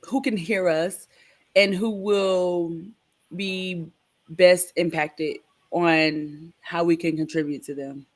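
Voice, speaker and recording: A woman's voice: lowish voice, fairly even intonation, takes it slowly. Upbeat motivational woman co-host. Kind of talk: casual live-stream chat.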